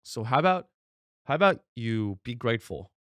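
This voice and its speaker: A man at an ordinary pitch rants in a sarcastic, mock-outraged comedic monologue, piling up rhetorical questions and restarting his sentences. The sound is close and dry, with no room around it. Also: big pitch swings, moderate pace, a bit bright, dry recording. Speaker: comedy podcast host.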